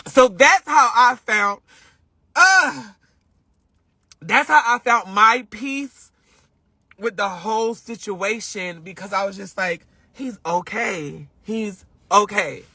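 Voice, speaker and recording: Male vlogger, high bright voice, dry close phone sound, earnest and repetitive monologue. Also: expressive, slow pace, pauses often, no echo. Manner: heartfelt, rambling, repeats himself. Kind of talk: emotional live-stream monologue. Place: in a car.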